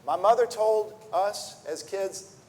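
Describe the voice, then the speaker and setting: A man's voice: sits high, slow. A man preaching a sermon, earnest and full of rhetorical questions, often repeating words as he restarts a thought. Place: church sanctuary. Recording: long reverb of a church hall.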